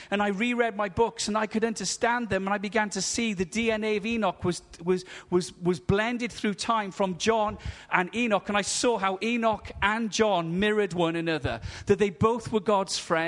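A man teaches with bright enthusiasm, his voice sitting high for a man. He talks through photos to a gathered crowd, and the sound rings with the long reverb of a large hall. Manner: animated, enthusiastic storytelling with laughter. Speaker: teacher at a ministry school. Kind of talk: sermon-style teaching with slides.

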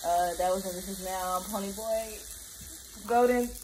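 A woman's voice: medium pitch, steady tone, takes it slowly, heavy background noise. A young woman answering playfully, listing titles in a casual chat.

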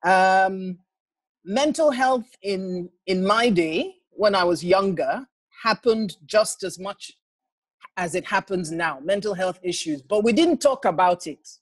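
A man in his forties speaks gently and earnestly as he introduces a poem on an online call. He sounds reflective and unhurried. The sound is dry and close. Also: high voice, animated, no echo. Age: 40s. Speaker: priest and poet. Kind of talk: casual introduction before a reading.

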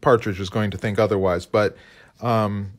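A man's voice: lowish voice, fairly even intonation, normal speed. Chatty, rambling man painting on a live stream. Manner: chatty, rambling, self-deprecating. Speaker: co-host and illustrator. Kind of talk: casual live-stream chat while painting.

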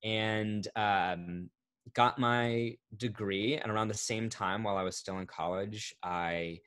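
A man in his thirties talking casually as an interview guest, rambling and correcting himself, getting animated when he tells a story. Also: lowish voice, takes it slowly, clear, resonant tone. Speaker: voice actor guest. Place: home recording setup, remote interview.

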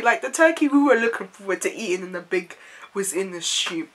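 A young woman, from an Ivorian family, telling a story to camera in a chatty, animated way full of "like"s. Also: medium pitch, brisk. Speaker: vlogger.

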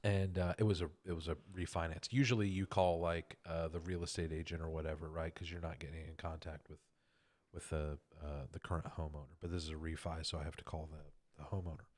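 A man's voice: very deep voice, little pitch movement, brisk, a little mellow. A man telling a playful story in casual podcast chat.

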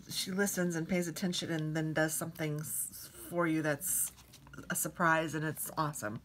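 A woman vlogger casually showing off craft mail she received, gushing softly and sometimes dropping to a whisper. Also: low-pitched, fairly even intonation, moderate pace, slight background noise, rough recording. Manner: gushing, soft-spoken, drifts into whispers. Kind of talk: casual show-and-tell unboxing.

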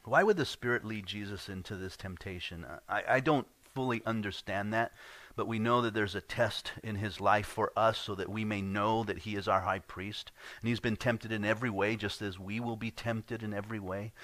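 A man's voice: lowish voice, fairly even intonation, moderate pace, a bit bright, dry recording. A man preaching a sermon as pastor, earnest and conversational, often repeating words as he goes.

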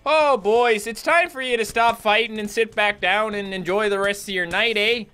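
A man putting on a stereotyped Canadian accent to play a gruff, folksy tough guy who talks down to people. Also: high voice, normal speed, pushed and bright, slight background noise. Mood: scolding. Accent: put-on stereotyped Canadian.

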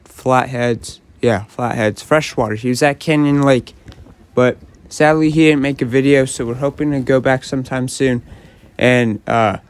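A man's voice: medium pitch, fairly even intonation, normal speed, smooth. A man, narrating his own fishing vlog in a laid-back, rambling, apologetic way while out on a boat. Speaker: fishing vlogger. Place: outdoors on the water, on a boat.

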